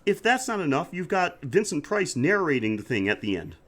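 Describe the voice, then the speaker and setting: A man's voice: a little high, very animated, brisk, a bit bright. A man co-hosting a podcast, chatting casually and enthusiastically, and laughing often. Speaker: podcast co-host. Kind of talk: casual chat.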